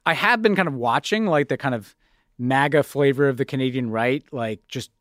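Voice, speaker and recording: A man co-hosting a political podcast, talking in an animated way and often repeating words as he starts his sentences. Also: medium pitch, moderate pace, dry recording, studio quality. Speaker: podcast co-host. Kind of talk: casual political chat.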